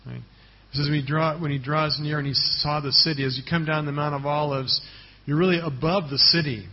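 A man's voice: on the high side, steady tone, a little fast, muffled recording. A man preaching a sermon as pastor, explaining a passage in an earnest teaching tone and often checking in with "right?".

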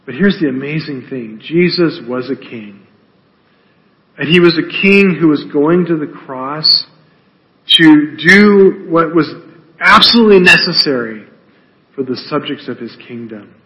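A man teaching from the Bible in a conversational way, often checking in with "right?" and filling pauses with "uh". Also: fairly high pitch, lively intonation, highs cut off. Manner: checks in with "right?" tags and frequent "uh" fillers. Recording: long reverb of a large hall.

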